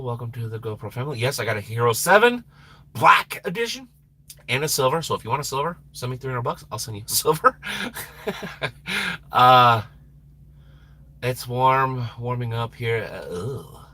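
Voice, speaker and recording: A man hosting a live stream chats in a loose, rambling way, laughing and losing his train of thought. His voice is bright and slightly husky, and it swoops up and down in pitch. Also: expressive, normal speed, long pauses. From Minnesota. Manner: rambling, laughs often, trails off. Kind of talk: casual live stream chat.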